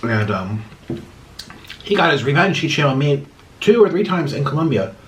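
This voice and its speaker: A young man talks through a spicy meal in a loose, rambling way, clearing his throat between bites. His pitch swings widely as he chats, and a faint hiss sits under the recording. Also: sing-song, normal speed. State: mouth burning from spicy food. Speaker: vlogger. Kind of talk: eating vlog and Q&A.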